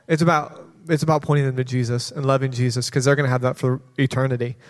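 A man speaking as a children's pastor in a church, telling lively stories with quoted kids' voices and bursts of laughter. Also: medium pitch, fast. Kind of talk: sermon testimony. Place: church sanctuary. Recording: long hall reverb.

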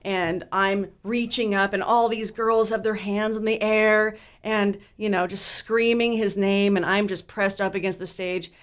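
Woman guest, forties, casual storyteller, animated, laughs often. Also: mid-range voice, a little slow, hardly any pauses. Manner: animated, laughing, acts out her teen self in squeals. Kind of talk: casual chat, telling a story.

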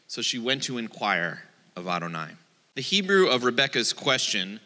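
A man's voice: fairly low pitch, lively intonation, moderate pace, bright, forceful tone, long reverb tail. A man, a rabbi, giving a playful, joking sermon and acting out the voices in his quotes.

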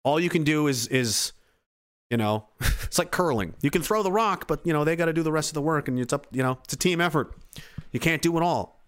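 A man's voice: a little high, lively intonation, a little fast, smooth. A man giving a casual, rambling monologue, swearing freely and often restarting his sentences. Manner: profane, rambling, self-interrupting.

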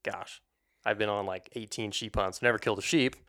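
Low gravelly man hosting a podcast. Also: fairly even intonation, sharp tone. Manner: easygoing, halting with restarts. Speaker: podcast host. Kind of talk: casual podcast chat.

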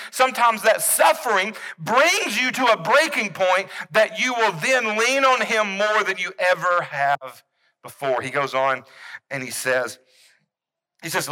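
A man preaching a sermon, animated, swinging between loud emphasis and quiet intensity. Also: on the high side, rough recording. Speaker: pastor.

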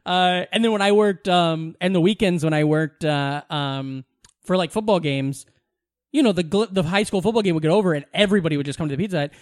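A man co-hosting a podcast in casual chat, telling lively stories and acting out quotes with frequent laughs. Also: high-pitched, fairly quick, no room sound, studio quality. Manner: animated storyteller, laughs often, acts out quotes. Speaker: podcast co-host.

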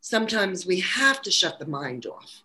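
A woman's voice: fairly low pitch, sing-song, normal speed, pushed and bright. A woman from Brooklyn with a New York accent, talking earnestly about spirituality and health in a casual interview, with frequent restarts. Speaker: holistic practitioner guest.

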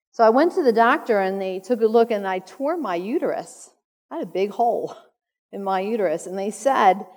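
Speaking at a conference, a middle-aged woman shares a personal story earnestly and with emotion. Her voice is on the high side and a little mellow, and the recording has an echoey hall reverb.

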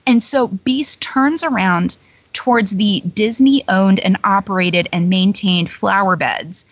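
A woman's voice: medium pitch, unhurried, slightly rough, no room sound. Chatty woman telling stories, laughing. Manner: chatty storyteller, many fillers, laughs often. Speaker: guest, former theme-park character performer. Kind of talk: casual interview chat. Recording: dull lo-fi dry recording.

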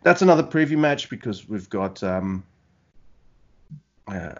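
A man co-hosting a podcast, talking in a relaxed, rambling way. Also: fairly low pitch, a little slow, highs cut off. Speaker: podcast co-host. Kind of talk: casual chat.

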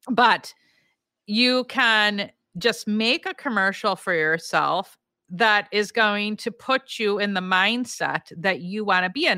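Woman podcast host, peppy coach, bright voice, dry close sound, animated storyteller. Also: mid-range voice, no echo. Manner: enthusiastic, laughs often, acts out quotes. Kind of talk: upbeat coaching talk.

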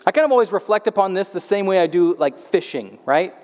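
A man in his thirties delivers a sermon with a fairly high voice. He speaks earnestly, often restarting words and sinking low at the close of each phrase. The sound carries a long reverb from a church hall. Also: lively intonation, fast talker, a little mellow. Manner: earnest, drops pitch at phrase ends, frequent restarts. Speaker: pastor.

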